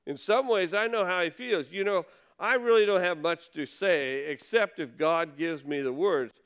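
A man's voice: high-pitched, normal speed, fairly bright tone, clean tone. A man preaching a conversational sermon from the pulpit, reading scripture and stressing key words. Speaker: pastor.

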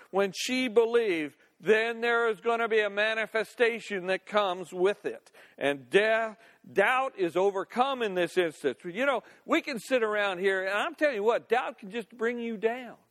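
A man's voice: sits high, a little slow, hardly any pauses, fairly bright tone. An older man preaching as a pastor. He reads scripture aloud, then talks it over in a conversational way and acts out the scenes in different voices. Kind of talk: sermon with scripture reading.

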